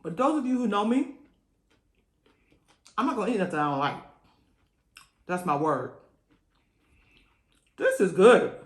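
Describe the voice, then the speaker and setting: A woman's voice: mid-range voice, big pitch swings, moderate pace, long pauses, roomy sound. A woman vlogger chatting casually to camera while eating, talking with her mouth full and humming over the food, saying y'all often. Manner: folksy, says y'all often.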